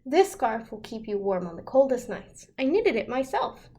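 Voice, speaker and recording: A woman's voice: a little high, sing-song, moderate pace, mellow. A woman voicing a kind, chatty old grandmother in a picture book read-aloud. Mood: warm, chatty.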